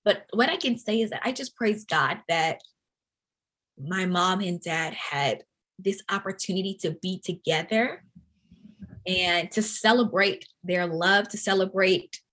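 A woman in her thirties from the Atlanta area, telling a personal story as an interview guest in an earnest, reflective, halting way. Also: medium pitch, a bit bright. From Atlanta, USA.

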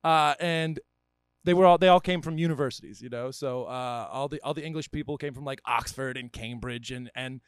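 A man's voice: medium pitch, fairly quick, clean tone, dry recording. A man hosting a casual comedy podcast, rambling and laughing often between phrases. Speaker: podcast host.

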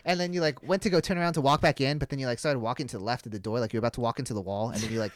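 A man's voice: mid-range voice, fairly even intonation, very fast, no room sound, clean studio sound. A young man hosting a casual podcast, telling a story in loose rambling bursts and laughing often. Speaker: podcast host.

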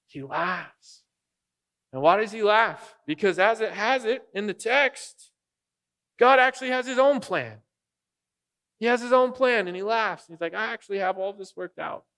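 A man's voice: high voice, animated, unhurried, pauses often, pushed and bright. A man preaching a sermon as pastor, a father of young kids, speaking casually and jokingly and often putting questions to the congregation. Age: adult father of young children.

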